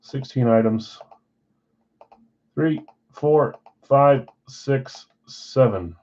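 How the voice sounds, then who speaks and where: A man's voice: medium pitch, very slow, dull audio. Chatty man hosting a live card-break stream. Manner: chatty, jumps between loud and quiet asides. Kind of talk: casual live-stream chat.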